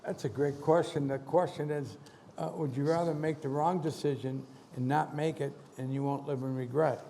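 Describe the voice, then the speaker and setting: Older guy in his 70s, high gravelly voice, animated storyteller, echoey hall. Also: moderate pace, a little hiss or hum. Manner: animated, acts out dialogue in quotes. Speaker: motivational speaker. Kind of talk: storytelling keynote on stage. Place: conference hall stage. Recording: large hall reverb.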